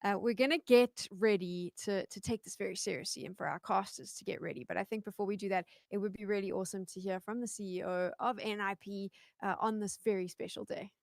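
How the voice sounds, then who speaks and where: A South African woman hosting an esports show, chatty and upbeat, reading out fan shout-outs. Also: mid-range voice, fairly even intonation, fast talker, vocal fry, hardly any pauses, dry recording, clean studio sound. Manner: upbeat, chatty, stumbling through usernames. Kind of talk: live esports broadcast hosting.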